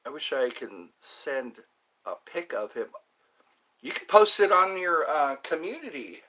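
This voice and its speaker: A man's voice: a little high, big pitch swings, unhurried, pushed and bright, a little hiss or hum. A man streaming live, rambling and joking as he chats with his viewers. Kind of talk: casual live-stream chat.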